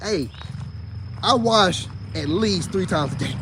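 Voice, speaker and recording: A man giving a profane, mocking monologue, swinging between high outbursts and low mutters. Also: sing-song, normal speed, background noise. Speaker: online commentator. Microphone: self-recorded video.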